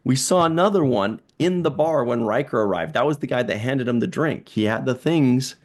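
A man's voice: medium pitch, animated, moderate pace. A man co-hosting a casual chat show, laughing often and acting out lines in silly voices. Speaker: podcast co-host.

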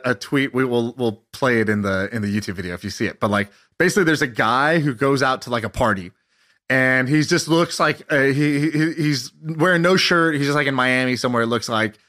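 A man in his thirties co-hosting a podcast, telling stories in an animated way and acting out quotes. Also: mid-range voice. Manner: animated storyteller, laughs often, acts out quotes. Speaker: podcast co-host. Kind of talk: casual chat.

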